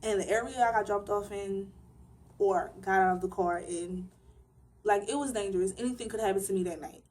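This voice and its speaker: Young woman, casual storytime vlog, animated emphatic delivery, everyday pitch. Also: brisk. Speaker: vlogger.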